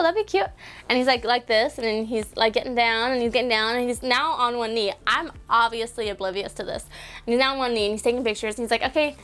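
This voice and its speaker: A young woman vlogger tells a story straight to the camera, chatty and animated. Her voice sits a bit high, and she acts out every quote, sometimes breaking into squeals.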